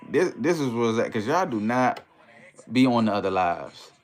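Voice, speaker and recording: A man hosting a casual livestream in a relaxed, easygoing way, reading viewer comments aloud and greeting them. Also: medium pitch, moderate pace, faint music behind. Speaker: livestream host.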